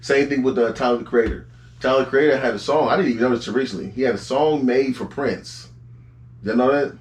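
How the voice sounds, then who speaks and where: Guy hosting a podcast, slangy and animated, echoey room sound. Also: medium pitch, fast. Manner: loose, slangy, animated storytelling. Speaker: podcast host. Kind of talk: casual podcast chat.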